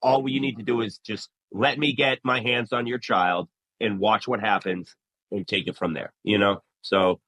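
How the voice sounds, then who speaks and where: Interview guest: a New England barber, lively storyteller, bright tense tone, dry close sound. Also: male voice, on the low side, normal speed, dry recording, low-quality recording. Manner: animated storyteller, acts out quoted dialogue. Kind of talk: casual interview talk.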